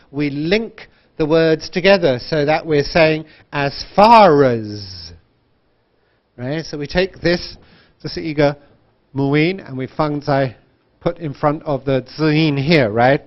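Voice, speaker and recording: A man's voice: on the high side, muffled recording. A man from Britain teaching an online English exam-prep lesson, drilling phrases with wide intonation and often checking in with "right?". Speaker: IELTS teacher.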